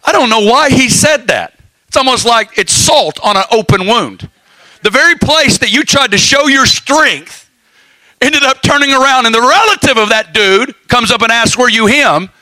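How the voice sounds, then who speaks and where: A man preaching a sermon, telling stories in a folksy way with lively asides. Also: extremely high pitch, normal speed, no room sound, rough recording.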